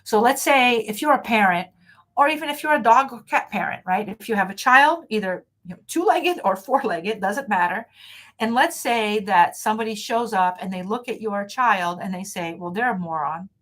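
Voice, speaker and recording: A woman's voice: medium pitch, expressive, moderate pace, a bit bright. A woman hosting a motivational talk over a video call, speaking frankly and emphatically with self-assurance. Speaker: host.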